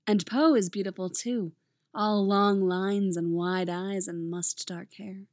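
A woman reading fan fiction aloud in a gentle, intimate storytelling manner. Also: mid-range voice, fairly even intonation, takes it slowly, no echo, clean studio sound. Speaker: audiobook reader.

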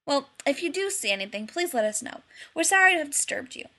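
A man's voice: extremely high pitch, sing-song, fast talker, sharp tone, pitched above the performer's own voice, heavily acted. A woman reading a story and voicing a polite, long-suffering young man who plays the sensible partner.

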